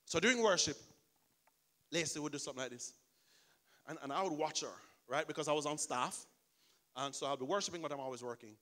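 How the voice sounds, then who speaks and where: A man preaching a sermon as pastor, telling a story in an animated way and acting out the people in it. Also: on the high side, fairly quick, long pauses.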